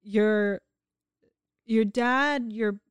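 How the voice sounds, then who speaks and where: A woman co-hosting a podcast who talks slowly and reflectively, often pausing on fillers. Her voice is smooth and clear, and it is recorded close in a dry room. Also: a little high, dry recording. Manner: reflective and measured, with frequent fillers. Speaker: podcast co-host. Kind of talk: casual chat.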